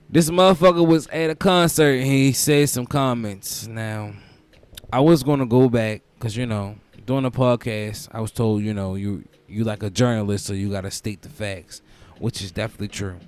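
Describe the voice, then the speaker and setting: A young man hosting a comedic podcast, ranting in a loose, profane way and bursting into loud mocking quotes. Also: lowish voice, clear, resonant tone. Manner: profane, animated storytelling with loud mock quotes. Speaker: podcast host. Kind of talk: casual comedic podcast rant.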